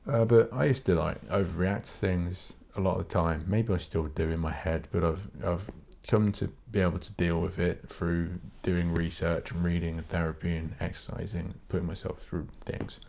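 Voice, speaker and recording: British bloke, fairly low voice, solo podcast host who rants bluntly and swears freely. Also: male voice, steady tone, moderate pace, gravelly, few pauses, a little mellow, a little hiss or hum. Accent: British English. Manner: blunt, sweary, rambling, with many restarts. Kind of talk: casual solo podcast rant.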